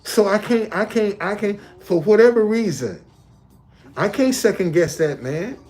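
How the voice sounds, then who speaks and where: A man's voice: sits high, animated, measured pace, a little mellow, faint music behind. A man talking casually on a livestream from a hotel, looping back and repeating his points. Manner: repetitive, loose conversational, restates points. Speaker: live streamer.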